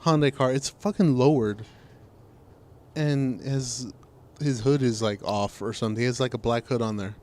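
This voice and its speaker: A young man co-hosting a casual podcast, telling an animated, profane story about a stranger. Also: medium pitch, normal speed. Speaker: podcast co-host. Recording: faint background noise.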